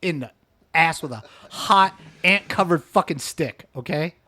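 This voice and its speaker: A man's voice: on the high side, unhurried, pushed and bright. A man hosting a casual comedy podcast, telling a story animatedly with constant swearing and "dude". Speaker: podcast host.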